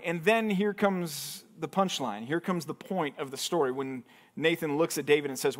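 A man's voice: a little high, measured pace. A man, a pastor, leading a Bible study in a conversational teaching style, asking his listeners questions and acting out the lines he quotes. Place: church hall.

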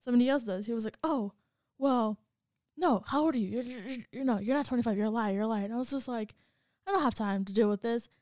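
Casual woman co-host, higher voice, lively storyteller who plays out the dialogue, dry close sound. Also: quick pace, no echo. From Hispanic background. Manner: animated, acts out quoted dialogue. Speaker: podcast co-host.

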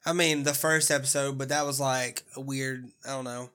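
A man's voice: mid-range voice, fairly even intonation, moderate pace, pushed and bright, smooth. A man co-hosting a casual podcast, laid-back, swearing freely and laughing often. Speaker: podcast co-host. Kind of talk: casual chat.

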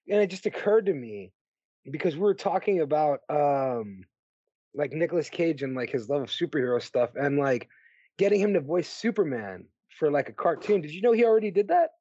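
Husky guy rambling on a movie podcast, lively pitch, dry dull mic. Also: no room sound. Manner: relaxed, rambling, lots of likes. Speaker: podcast co-host. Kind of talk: casual movie chat.

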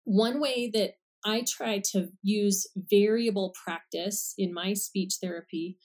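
A woman's voice: mid-range voice, steady tone, slow, darkish tone. A woman speech-language pathologist explaining treatment methods on a podcast in a casual, step-by-step way, giving everyday examples.

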